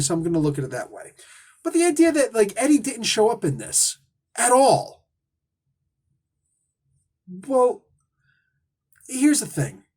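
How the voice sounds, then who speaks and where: A man's voice: high-pitched, darkish tone. A man hosting a casual comic book review, talking in an enthusiastic, rambling, casually profane way.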